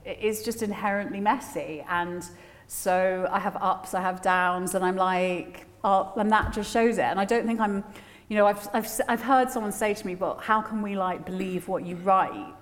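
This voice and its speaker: A woman's voice: mid-range voice, fairly even intonation, moderate pace. A woman, a guest author talking candidly on stage at a live festival event, rambling and self-deprecating with many fillers. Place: large venue with a live audience. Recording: long hall reverb at a live event.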